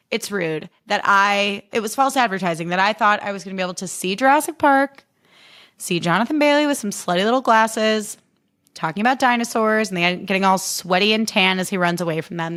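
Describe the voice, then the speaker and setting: A young woman hosting a casual solo podcast, chatty and animated, poking fun at herself. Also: mid-range voice, normal speed. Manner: chatty, animated, self-deprecating, jumps into funny voices. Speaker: podcast host.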